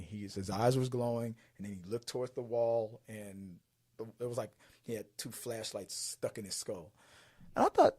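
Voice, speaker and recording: A man's voice: lowish voice, a little mellow, husky, no echo, clean studio sound. Rambling male movie podcast host. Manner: rambling, restarting sentences, acting out quotes. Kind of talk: casual movie chat.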